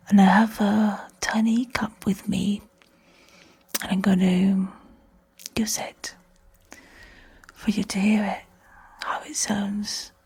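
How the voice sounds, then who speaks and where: Brief: a woman playing a soothing ASMR whisperer, whispered role-play, unhurried and very soft. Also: mid-range voice, creaky, husky, heavily acted.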